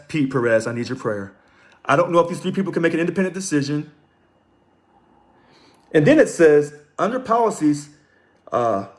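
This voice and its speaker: A man hosting a casual live stream, reading aloud, commenting and greeting viewers by name. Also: a little high. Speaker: livestream host.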